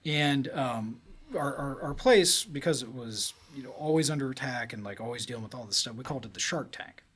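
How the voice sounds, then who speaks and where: A man who is a retired army officer, guest on a podcast, telling a war story in casual talk. He rambles with lots of fillers and tags like "right?", and he jumps into high voices to act out other people. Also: fairly quick, a bit bright, husky. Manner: loose, rambling phrasing with many fillers and tags like "right?" and "too".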